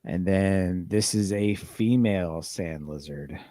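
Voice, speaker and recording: A man's voice: sits low, takes it slowly, warm tone, no room sound, studio quality. A man hosting a casual podcast, reading out listener messages in a laid-back, rambling way. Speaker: podcast host.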